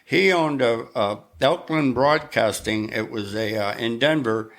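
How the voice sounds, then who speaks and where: A man's voice: medium pitch, measured pace, gravelly, a bit bright. An older man, a guest musician, telling anecdotes in a casual chat and acting out the voices of the people he quotes. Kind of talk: casual storytelling.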